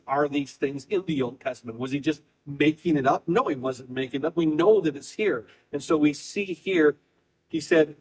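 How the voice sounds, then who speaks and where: A man preaching a sermon, emphatic and repetitive, reading scripture aloud and swinging between quick bursts and slow, drawn-out phrases. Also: medium pitch, a little mellow, low-quality recording. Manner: emphatic preaching, speeding up and slowing down, repeating phrases. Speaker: pastor.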